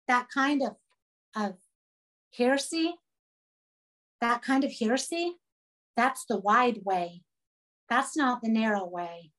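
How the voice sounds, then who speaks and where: Woman, high voice, emphatic, repetitive sermon. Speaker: preacher.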